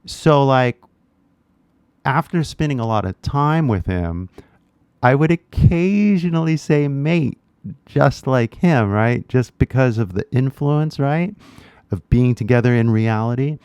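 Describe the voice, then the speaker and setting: A man's voice: medium pitch, lively intonation, measured pace, a little mellow, clear, resonant tone, dry recording. A man with a Californian accent teaching English in a casual, slangy way, full of "like" and "right?". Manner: laid-back slangy talk with lots of "like" and "right?". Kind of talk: casual direct-to-camera lesson.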